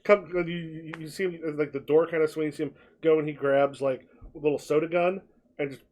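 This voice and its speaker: A man's voice: a little high, fairly even intonation, fairly quick, darkish tone. Rambling man running a tabletop game. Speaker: game master.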